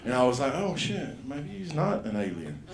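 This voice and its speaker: A man's voice: mid-range voice, wildly swooping pitch, normal speed. Man in his fifties doing rowdy stand-up, swears a lot, voices everyone, echoey club room. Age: 50s. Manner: profane, rambling, acts out characters loudly. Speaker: stand-up comedian. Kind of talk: stand-up comedy set. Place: comedy club stage.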